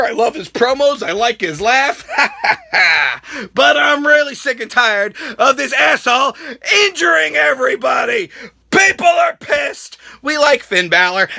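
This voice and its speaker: A man ranting loudly through a wrestling recap, swearing, joking and breaking into shouts. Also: very high voice, creaky, dry recording, clean studio sound. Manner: loud, profane, jokey ranting with sudden shouts. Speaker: wrestling vlogger.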